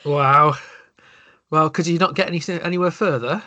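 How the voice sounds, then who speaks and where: A man's voice: on the high side, moderate pace, bright, forceful tone, no echo, dull audio. A man with a Yorkshire accent and a cold, co-hosting a podcast in a rambling, joking way. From Yorkshire, England. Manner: joking, rambling, self-deprecating. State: has a cold. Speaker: podcast co-host. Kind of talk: casual chat.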